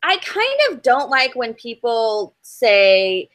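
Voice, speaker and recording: A woman's voice: on the high side, sing-song, slow, few pauses, fairly bright tone. A woman co-hosting a podcast, chatting casually and hedging her opinions with fillers. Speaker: podcast co-host.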